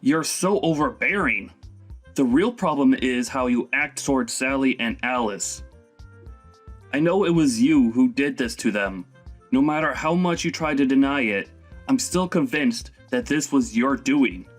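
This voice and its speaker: A man playing a young husband who lays into his overbearing mother, his tone stern and reproachful. He speaks in an ordinary mid-range voice, with soft music underneath. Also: medium pitch, expressive, measured pace. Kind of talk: voiced animated story drama.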